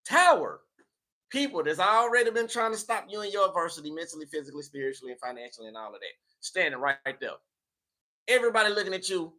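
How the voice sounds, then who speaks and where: A man giving a casual spiritual tarot reading in a preachy, animated, slangy motivational way. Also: high-pitched, fast talker. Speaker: tarot reader.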